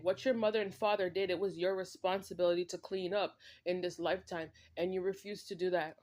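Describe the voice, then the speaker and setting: Emphatic woman scolding in a vlog. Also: medium pitch. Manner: emphatic, repetitive, full of "like" and "right?"; scolding someone directly, with short laughs. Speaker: vlogger. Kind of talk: direct-to-camera spiritual monologue.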